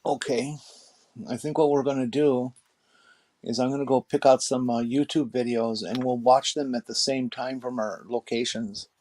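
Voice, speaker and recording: A man's voice: medium pitch, fairly even intonation, normal speed, darkish tone. A man in a casual conversation, talking hesitantly with many fillers. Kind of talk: casual chat.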